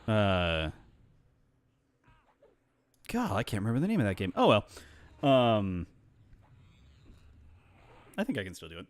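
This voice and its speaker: This streamer and voice actor speaks a little slowly in a lowish voice, pausing often, over a dry recording. Live on stream, he chats in a casual, animated way, telling voice-acting stories and dropping into different voices as he goes.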